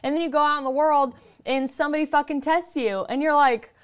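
A woman hosting a podcast, telling stories in casual, profane, animated chat. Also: high voice, brisk. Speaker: podcast host.

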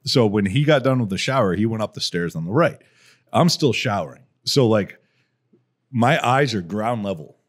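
A man's voice: on the low side, normal speed. A man co-hosting a podcast, telling a story in casual chat and acting out the quotes. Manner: lively storyteller, acts out quotes. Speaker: podcast co-host.

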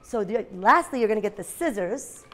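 A woman teacher leading a phonics lesson for young children, speaking in an animated, sing-song way and breaking into dramatic shouts. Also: mid-range voice, normal speed.

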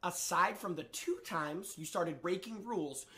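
A young man streaming a game, trash-talking his opponent in a heated, repetitive way with swearing and sudden shouted outbursts. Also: high voice, measured pace. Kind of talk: live gaming stream trash talk. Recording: game audio and chat under the voice. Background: game sounds and voice chat.

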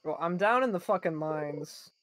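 A woman's voice: on the low side, expressive, normal speed, fairly bright tone, dry recording. A woman streamer chatting while gaming, wisecracking and swearing casually.

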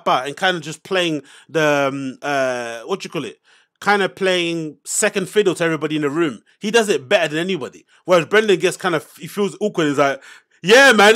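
A man's voice: on the high side, a bit bright. A man hosting a casual commentary, reacting to podcast clips in an exasperated, sarcastic rant.

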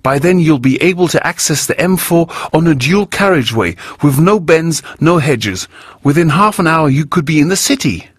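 A man's voice: fairly high pitch, lively intonation, moderate pace, breathy edge, no room sound, studio quality, voice pushed up. A man voicing an outspoken woman who speaks emphatically, in an audiobook story. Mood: emphatic. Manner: emphatic, strongly opinionated. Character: outspoken woman with strong opinions.

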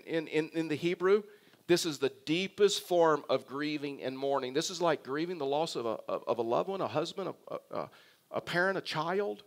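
A man's voice: on the high side, a bit bright. A male pastor preaching a sermon, earnest and emphatic, building his points through repeated phrases.

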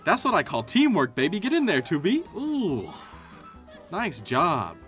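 Excitable young man narrating gameplay. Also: on the high side, unhurried. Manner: excitable, joking, loud outbursts. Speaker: gaming YouTuber. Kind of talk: casual gameplay commentary. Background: game music.

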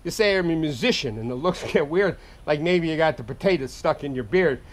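A man performing live spoken-word comedy at a house concert, with a rapid-fire, profane, rhyming delivery. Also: on the high side, lively intonation. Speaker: touring singer-songwriter.

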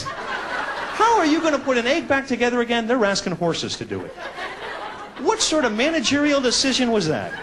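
Animated high-voiced male stand-up comic. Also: moderate pace. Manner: animated, jumps into put-on voices. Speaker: stand-up comedian. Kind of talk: stand-up routine. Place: comedy club stage. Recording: noisy club recording with audience.

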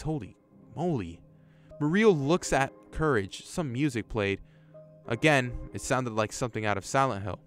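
A man reads a horror story aloud in a casual voice and breaks in with his own reactions. His voice sits at an ordinary middle pitch, and he swears now and then. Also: fairly bright tone. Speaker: YouTube storyteller. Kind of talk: reading a horror story with commentary.

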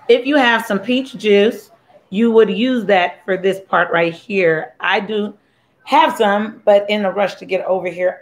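A woman hosting a casual cooking live stream from a home kitchen, chatty and joking as she greets viewers by name. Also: mid-range voice. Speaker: cooking show host. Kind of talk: casual live-stream chat while mixing a drink.

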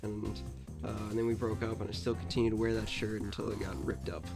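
A man's voice: lowish voice, little pitch movement, quick pace, gravelly, over music. A young man co-hosting a gaming podcast, telling stories in a rambling way with lots of fillers and restarts. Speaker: podcast co-host. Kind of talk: casual let's-play chat.

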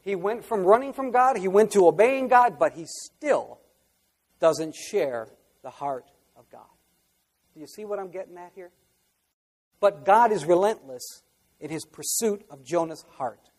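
A man preaching a sermon as pastor, swinging from quiet asides to loud, impassioned outbursts. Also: high voice, big-room sound.

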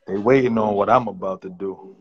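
Low-voiced man talking slow and ominous. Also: fairly even intonation, slightly rough, muffled recording. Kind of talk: casual live-stream chat.

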